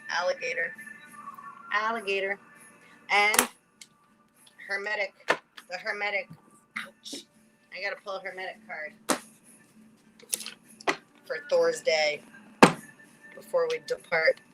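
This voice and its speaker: A woman giving a spiritual card reading in a casual livestream chat, rambling and animated, full of "like" and quick laughs. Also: on the low side, loud music behind the voice, low-quality recording.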